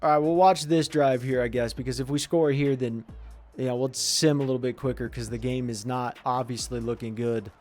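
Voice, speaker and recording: A young man giving casual, excitable commentary over a football video game, talking to the players on screen in slang. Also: medium pitch, brisk, soft background music. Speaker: gaming commentator.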